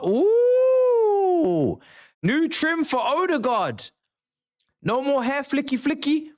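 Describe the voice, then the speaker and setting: In this live match reaction, a high-pitched host gets worked up over the football, using slang and flipping between muttering to himself and shouting.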